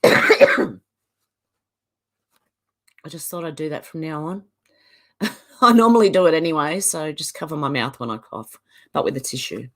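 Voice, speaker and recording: A woman's voice: low-pitched, measured pace, long pauses, a bit bright. A woman with an Australian accent hosting a casual livestream, chatting and laughing as she reads viewer comments aloud. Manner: chatty, laughs often, Aussie slang. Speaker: livestream host.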